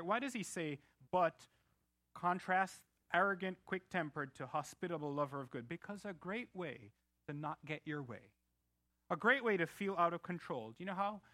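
A man's voice: a little high, sharp tone, no echo. A man in his thirties, a pastor preaching a sermon in a conversational way, telling personal stories and asking the congregation questions.

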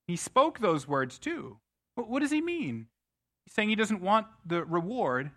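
A middle-aged man preaching a sermon as pastor, emphatic, often restarting words with quick repeats. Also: high-pitched, bright, forceful tone.

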